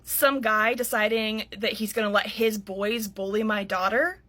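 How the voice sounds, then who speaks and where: A woman in her thirties, an author, retelling a story in an indignant, animated vlog style, still worked up. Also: mid-range voice, a little slow. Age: 30s.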